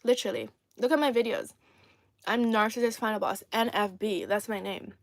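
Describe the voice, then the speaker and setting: A woman's voice: medium pitch, moderate pace, a little hiss or hum. A young woman from China hosting a casual eating live stream, sassy and playful, teasing her viewers and laughing often over a phone mic. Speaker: livestream host.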